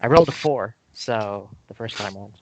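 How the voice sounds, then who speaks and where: A man's voice: lowish voice, normal speed, background noise. A man playing a tabletop game, talking casually and chattily about his character's abilities. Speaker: player.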